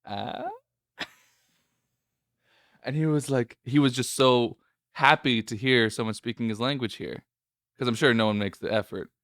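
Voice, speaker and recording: A man's voice: medium pitch, fairly even intonation, normal speed, pauses often, a bit bright, dry recording, clean studio sound. A male podcast host telling a story in casual chat, nervous and rambling, with many restarts and a voice that cracks.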